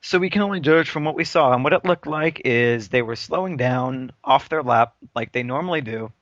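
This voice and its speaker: A man from the United States co-hosting a casual motorsport podcast, talking in an animated, opinionated way with frequent restarts. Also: mid-range voice, normal speed, no echo. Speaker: podcast co-host. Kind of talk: casual chat. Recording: muffled, dry lo-fi.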